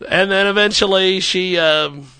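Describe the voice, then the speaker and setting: Gravelly, bright-voiced man hosting. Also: high voice, measured pace, no echo. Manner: rambling, stammering repeats, laughs often. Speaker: radio show host. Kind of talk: casual studio chat.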